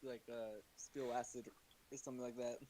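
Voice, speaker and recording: A man's voice: medium pitch, flat delivery, moderate pace, dark tone, poor audio. A man chatting as a player before a tabletop game, rambling and trailing off as he thinks aloud.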